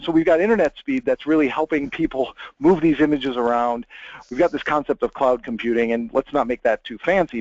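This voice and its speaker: A man's voice: medium pitch, no room sound, dull audio. A man giving a conversational technical webinar presentation, chatty, with many fillers and restarts.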